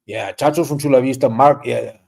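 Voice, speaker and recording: A middle-aged man hosting a casual livestream, rambling and relaxed, dropping Spanish slang as he reads comments. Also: medium pitch, fairly quick, creaky. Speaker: livestream host.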